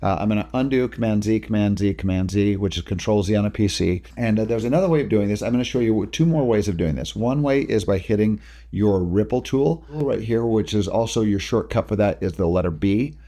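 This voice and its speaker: A man talking through video editing steps in a casual software tutorial, explaining each click as he goes. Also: fairly low pitch, fairly quick. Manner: casual, talks through each step while working. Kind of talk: screen-recorded software tutorial.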